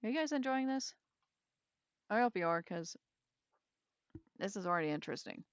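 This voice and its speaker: Woman reading a novel aloud, casual asides; smooth voice, dry close audio. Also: medium pitch, expressive, moderate pace, no echo, dull audio. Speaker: reader.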